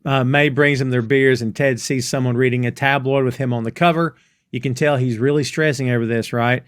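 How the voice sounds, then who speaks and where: A man hosting a casual podcast, retelling scenes in an animated way. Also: medium pitch, a little fast, dry recording, studio quality. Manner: animated storyteller recounting scenes. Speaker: podcast host. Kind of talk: casual recap chat.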